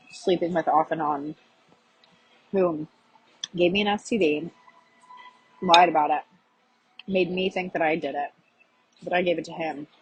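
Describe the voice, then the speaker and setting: Woman podcast host, very breathy and raspy, lowish voice; halting confessional monologue full of fillers, chewing a mint. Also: low-quality recording.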